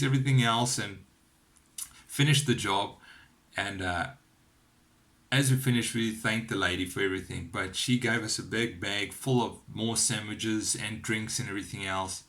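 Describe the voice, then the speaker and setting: A man with a fairly low voice shares a personal testimony at home, speaking into a camera on a shaky holder. His delivery is earnest and encouraging, with lively storytelling. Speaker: Christian vlogger sharing testimony. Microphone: camera on a cheap wobbly phone holder.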